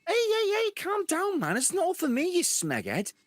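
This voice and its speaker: A squeaky, indignant young Scouser pleading his case in a comedy sketch. His Liverpool voice is pushed far up into a high, whiny register. The sound is dry and close. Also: huge pitch swings, moderate pace, no echo, exaggerated voice.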